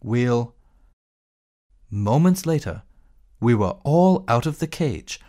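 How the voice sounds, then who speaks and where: A man reading a textbook story in clear, measured narration, as a space captain telling his own adventure. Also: mid-range voice, very animated, warm tone. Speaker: textbook audio reader.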